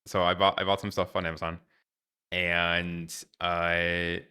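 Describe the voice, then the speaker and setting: A man's voice: sits low, little pitch movement, a little slow, bright, forceful tone, clear, resonant tone. A young adult man streaming live, ranting in an exasperated way with lots of fillers and restarts.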